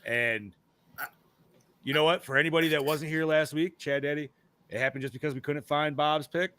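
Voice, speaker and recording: A man hosting a casual horror movie podcast, excitable, swearing a lot and laughing often. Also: on the high side, normal speed, smooth. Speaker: podcast host.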